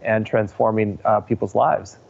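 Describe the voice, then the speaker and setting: A man hosting an interview, speaking in a measured way with hesitant restarts as he sets up the topic. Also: steady tone, creaky, darkish tone, breathy edge. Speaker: host. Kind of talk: interview host introduction. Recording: muffled low-fidelity audio.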